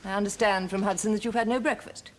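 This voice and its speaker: A woman's voice: mid-range voice, steady tone, fast talker, slight background noise, lightly acted. An actress playing a commanding aristocratic lady. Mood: stern. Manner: commanding, formal, then gently consoling. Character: firm, kindly aristocratic lady of the house. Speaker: mistress of the household. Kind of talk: period television drama.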